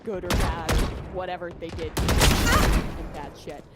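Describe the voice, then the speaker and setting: A woman talks in a loose, rambling way on a casual gaming podcast, swearing and correcting herself as she goes. Her pitch sits in an ordinary middle range. Loud gunfire and game sounds run under her voice. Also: measured pace, heavy background noise. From American Midwest. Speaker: podcast co-host. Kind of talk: casual chat. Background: video game sounds and gunfire.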